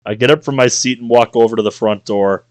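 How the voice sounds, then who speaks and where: A man's voice: mid-range voice, steady tone, fast talker, a little mellow, dry recording. A man streaming a visual novel, reading it aloud and reacting with jokes. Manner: playful, reacts with jokes and laughter.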